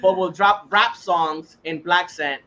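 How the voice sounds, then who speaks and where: A man's voice: high-pitched, measured pace, sharp tone, lo-fi sound, slight background noise. A man hosting a casual podcast chat, ranting heatedly and swearing freely. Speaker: podcast host.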